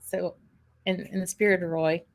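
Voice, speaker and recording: A woman's voice: on the low side, little pitch movement, moderate pace, noisy background. A woman hosting a casual livestream chat, talking in a rambling way with many fillers. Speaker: host.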